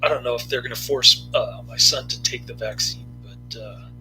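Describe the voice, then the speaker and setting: A man talking casually as a movie reviewer, rambling and halting with many fillers and restarts. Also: medium pitch, sharp tone, faint music behind, rough recording.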